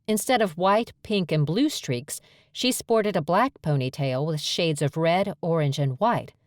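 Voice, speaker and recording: A woman with a low voice narrates a first-person romance audiobook in a clear, steady manner. The recording is dry and close, with no room sound. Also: a little slow, no room sound.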